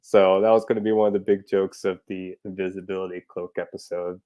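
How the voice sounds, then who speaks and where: A man's voice: low voice, level tone, a little fast, mellow. A man chatting casually about his parody episode ideas, loose and rambling with lots of fillers, chuckling at his own jokes. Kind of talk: casual rambling talk to camera.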